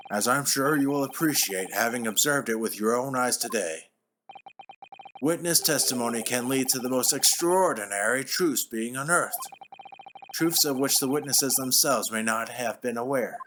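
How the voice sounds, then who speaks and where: A man's voice: mid-range voice, a bit bright, a little hiss or hum, natural voice. A man voicing a stern older judge, formal and commanding, as he reads game dialogue aloud.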